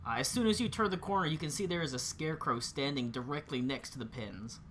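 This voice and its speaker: A man narrating as game master, halting and full of fillers and restarts. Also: fairly high pitch, noisy background.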